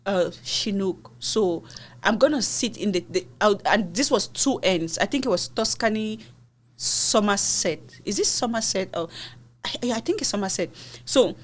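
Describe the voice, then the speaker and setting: A woman from Cameroon, a podcast guest, earnestly and expressively recounting personal hardships in conversation. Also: mid-range voice.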